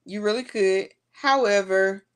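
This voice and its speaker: A woman's voice: medium pitch, a little slow, smooth. A woman, chatting casually to her viewers as she works through a sewing tutorial. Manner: chatty, talks to viewers while working. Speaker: sewing vlogger.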